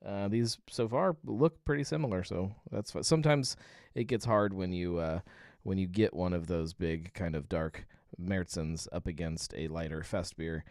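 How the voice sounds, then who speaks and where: A man's voice: low-pitched, normal speed, few pauses, darkish tone, no room sound, studio quality. A man hosting a casual live beer-tasting stream, rambling with many fillers and reading viewer comments aloud. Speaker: livestream host.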